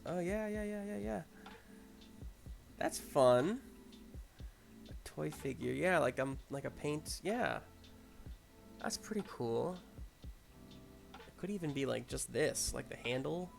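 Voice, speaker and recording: A man hosting a casual livestream, muttering quietly to himself as he concentrates on painting a miniature. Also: medium pitch, gravelly. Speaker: host.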